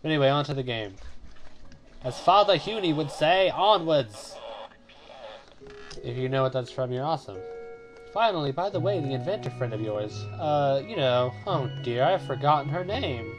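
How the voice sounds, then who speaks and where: A man talks casually while he plays a video game, rambling from one thought to the next with frequent ums and side remarks. His voice sits at an ordinary middle pitch. He reads the game's text aloud as he goes. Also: animated, a little fast, over music. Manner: rambling, with many fillers and asides. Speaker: let's play host.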